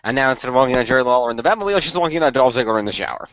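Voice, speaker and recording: A man joking around in a casual podcast chat, throwing in quick comebacks. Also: medium pitch, lively intonation, fairly bright tone, no echo, muffled recording. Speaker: podcast co-host.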